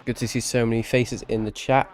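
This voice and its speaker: A man's voice: mid-range voice, flat delivery, fairly quick, darkish tone. Male sim racing commentator, live stream, rambling, self-deprecating, tired.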